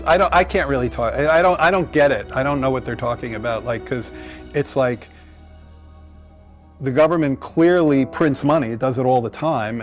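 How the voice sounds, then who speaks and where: A man in a casual discussion, speaking hesitantly with frequent restarts. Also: mid-range voice.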